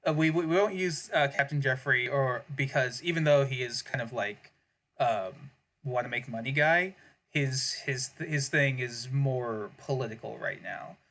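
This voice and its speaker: A man's voice: mid-range voice, a little slow, fairly bright tone. A man co-hosting a tabletop gaming podcast, rambling casually through setting ideas, often repeating himself and laughing. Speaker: podcast co-host. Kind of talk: casual worldbuilding chat.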